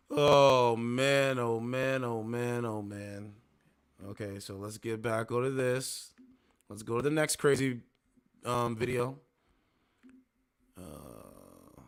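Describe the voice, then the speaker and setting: A man's voice: mid-range voice, fairly bright tone. Incredulous man hosting a livestream. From Canada. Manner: incredulous, mocking, talks to chat. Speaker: livestream host. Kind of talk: casual commentary.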